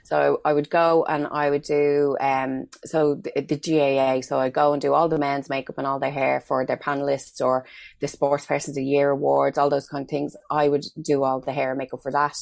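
A woman's voice: very deep voice, little pitch movement, moderate pace, creaky, a little mellow, no room sound. A middle-aged Irish woman, a makeup artist, chatting as an interview guest and telling stories with acted-out quotes. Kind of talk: casual interview chat.

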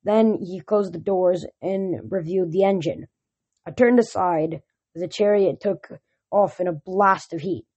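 A woman's voice: lowish voice, measured pace, a little mellow, slightly rough. A woman reading a novel aloud in first-person narration, with small restarts. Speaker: reader.

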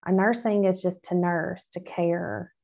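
A woman's voice: fairly low pitch, fairly even intonation, unhurried, vocal fry. A woman nurse talking in a casual podcast conversation, earnest and emphatic, speaking from a faith-centered outlook. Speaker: nurse guest. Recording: tinny phone-like line.

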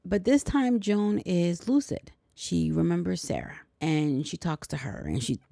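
A woman's voice: on the low side, sing-song, measured pace, creaky, warm tone, no room sound, clean studio sound. A woman hosting a podcast, recapping a movie in a chatty way with sarcastic asides. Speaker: podcast host.

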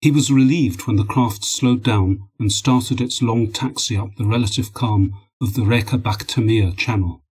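A man narrating an audiobook in a steady, measured reading. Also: medium pitch, husky, low-quality recording.

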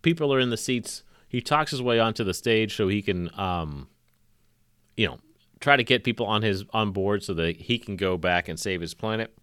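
A man's voice: fairly low pitch, lively intonation, normal speed, a bit bright, clean tone, dry recording, studio quality. A man co-hosting a comedy podcast in casual chat, rambling and poking fun at himself. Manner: rambling and self-mocking. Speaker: podcast co-host.

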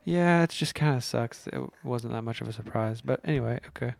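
A man's voice: mid-range voice, a little fast, creaky, no room sound. A young man co-hosting a casual chat who cuts in with dry, teasing remarks. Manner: dry teasing, interjects with wry asides. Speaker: podcast co-host.

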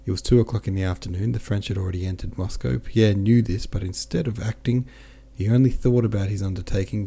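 A man narrating a classic novel at a steady, measured pace as a podcast host. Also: sits low, breathy edge. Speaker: audiobook reader and podcast host. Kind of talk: audiobook narration.

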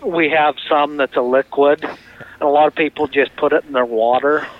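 A man's voice: a little high, fairly even intonation, normal speed, no echo. A man working as a store clerk, answering a call and giving plain, helpful advice. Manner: plain, matter-of-fact, helpful. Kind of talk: phone conversation. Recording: muffled phone line.

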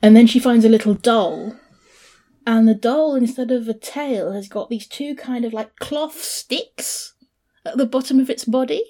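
A woman's voice: fairly high pitch, measured pace. A woman hosting a casual chat, animatedly retelling a picture book. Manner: animated storyteller, chatty.

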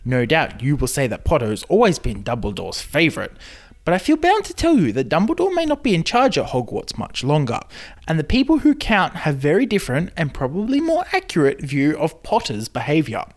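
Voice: mid-range voice, wildly swooping pitch, fairly quick. A podcast host reading a letter aloud as a pompous young male wizard, in a stiff put-on British accent.

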